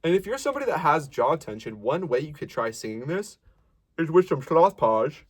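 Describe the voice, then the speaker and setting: A man's voice: fairly high pitch, very animated, fairly quick. A man giving a casual, encouraging singing lesson, explaining technique and breaking off to demonstrate sounds and sung lines. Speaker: voice teacher.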